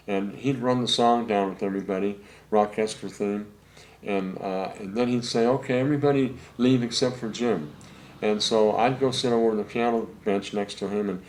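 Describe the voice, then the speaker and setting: An older man, a session saxophonist, telling rambling anecdotes in a relaxed interview, full of fillers. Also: lowish voice. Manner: rambling anecdotes with many fillers, acts out quotes.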